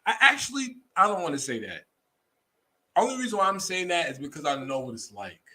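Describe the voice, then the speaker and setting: A man hosting a livestream, ranting bluntly about a news story with profanity and repeated phrases, swinging between low muttering and loud outbursts. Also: very animated, brisk, poor audio. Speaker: livestream host. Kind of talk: opinionated commentary on a news story.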